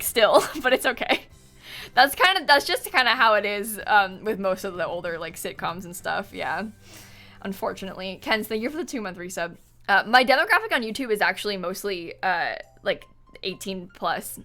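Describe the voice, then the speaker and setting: Young woman game streamer, bright chatty voice, giggly, soft music under her. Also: mid-range voice. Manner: chatty and giggly, reading out chat thanks. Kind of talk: casual live-stream chat while gaming. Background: faint music.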